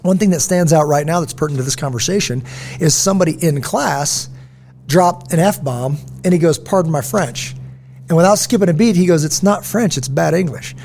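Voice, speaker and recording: Animated storytelling man, faint hum. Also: a little high, brisk, gravelly. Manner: storytelling, animated, acts out quotes. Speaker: podcast host. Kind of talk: casual conversation.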